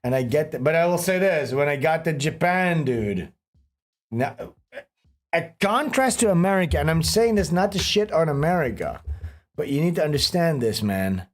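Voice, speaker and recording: A man's voice: fairly high pitch, big pitch swings, normal speed. A man hosting a livestream, telling long, rambling stories with lots of swearing, in casual chat. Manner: rambling, profane storytelling. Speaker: livestream host.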